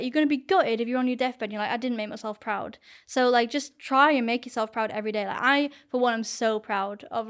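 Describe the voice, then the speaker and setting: A young woman, talking to camera as a guest in an interview, keeps it chatty and earnest with frequent use of "like." She has a clean, slightly high voice.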